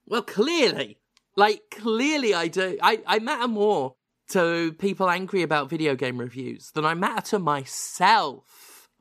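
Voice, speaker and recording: A man with a British accent that carries a slight American hint, hosting a podcast in animated, self-mocking casual chat. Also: high voice, a little slow, no echo, studio quality. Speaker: podcast host.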